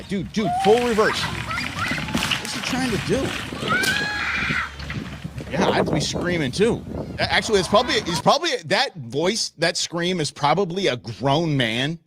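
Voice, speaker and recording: A man's voice: a little high, heavy background noise. A man hosting a show, casually commenting on clips and exclaiming and laughing at what he sees. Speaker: show host.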